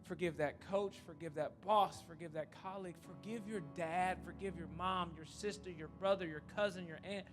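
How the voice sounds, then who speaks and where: A man's voice: sits high, moderate pace, hardly any pauses, over music. A man preaching a sermon in a church, telling a humorous story and then making an earnest, repetitive appeal. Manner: repetitive and emphatic. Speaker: pastor.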